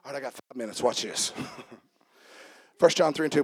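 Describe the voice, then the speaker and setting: A man preaching a sermon as pastor, swinging from quiet joking asides to shouted preaching and calling out to the congregation. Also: medium pitch, normal speed, long pauses, husky, dry recording. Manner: talks back and forth with the congregation. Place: church service.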